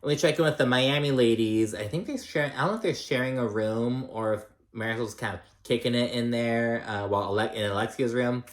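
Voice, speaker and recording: A man's voice: mid-range voice, fairly even intonation, a little fast, few pauses, echoey room. A man casually recapping a reality show, gossipy and full of fillers, acting out the cast's lines with sass. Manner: gossipy, filler-heavy, mimics cast with sassy quotes.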